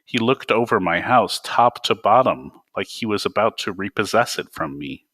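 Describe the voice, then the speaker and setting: A man's voice: lowish voice, expressive, normal speed, a bit bright, no room sound. A man reading his own novel aloud in a dry, wry first-person voice.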